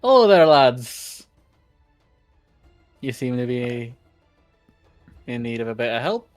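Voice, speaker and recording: A man's voice: medium pitch, big pitch swings, slow, darkish tone, no room sound, faint music behind. A man voicing a sly, cheeky male bugbear rogue with a Scottish accent in a tabletop game.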